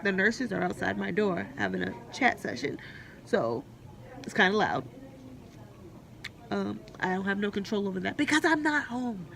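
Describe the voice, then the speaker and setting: A woman's voice: medium pitch, expressive, normal speed, creaky, long pauses, fairly bright tone. A woman in her late twenties vlogging candidly and bluntly from a hospital room, swearing freely. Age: 20s. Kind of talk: personal hospital vlog. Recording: faint hospital background noise.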